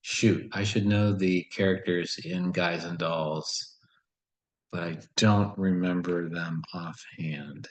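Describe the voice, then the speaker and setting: A man's voice: low voice, fairly even intonation, takes it slowly, rough recording. A man solving a word puzzle and thinking aloud in a casual, musing way, often questioning himself. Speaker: puzzle solver.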